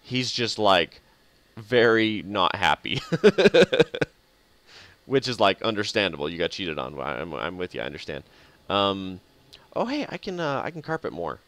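Over faint game music, a man with a low-pitched, fairly bright voice talks through a strategy game on a live stream at a moderate pace. He's very animated, often chuckling and muttering to himself, and the recording has no echo.

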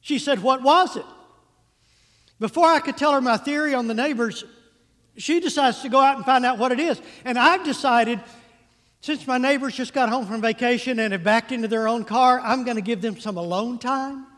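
A male pastor preaching a sermon as a humorous, animated story, stretching words out for comic effect. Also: very high voice, fairly quick. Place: church sanctuary. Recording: long reverb of a church hall.

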